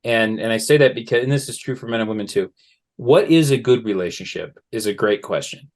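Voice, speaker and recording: A man as an interview guest, relaxed and storytelling, often acting out the people he quotes. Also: fairly low pitch, fairly quick. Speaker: guest, men's work facilitator. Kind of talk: conversational interview.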